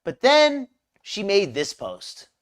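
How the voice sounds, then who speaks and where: This live commentary host talks slowly with a medium pitch that swoops wildly up and down. It's a casual stream, full of rambling chatter and hellos to viewers in the chat.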